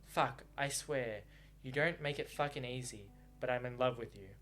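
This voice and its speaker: A man's voice: mid-range voice, moderate pace, fairly bright tone, faint music behind, lightly acted. A man reading aloud as a hot-tempered young man who blurts out his love through frustrated swearing. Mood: pleading anger.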